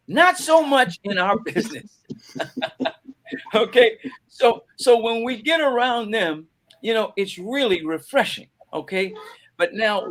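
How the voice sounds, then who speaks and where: Man, middle-aged, slightly high-pitched, lively storyteller, quotes people in voices, conversational panel talk. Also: measured pace, pauses often, a little hiss or hum. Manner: animated, repeats words, acts out quoted voices. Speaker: panel guest. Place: bookstore event conversation.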